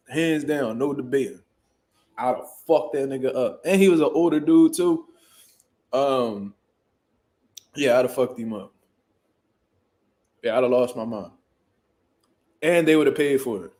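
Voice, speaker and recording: A man, a boxing trainer, telling a story in casual, profane, animated talk and loudly acting out what people said. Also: mid-range voice, moderate pace, pauses often. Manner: profane, animated, jumps into loud acted-out quotes.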